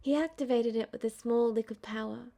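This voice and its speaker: Measured female fan-fiction narrator. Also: a little high, fairly even intonation, creaky, warm tone. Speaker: audiobook reader.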